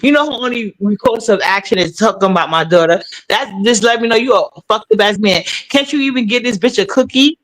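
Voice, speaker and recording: A woman's voice: medium pitch, brisk, few pauses, rough recording. A woman on a live stream panel, arguing heatedly, profane and taunting, talking over the others. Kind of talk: heated argument.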